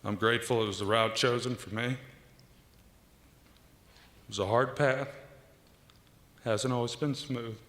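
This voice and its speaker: A man, giving an earnest, measured acceptance speech at a podium with pauses and small restarts. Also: medium pitch, fairly even intonation, fairly bright tone. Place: large banquet hall. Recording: echoey hall with long reverb.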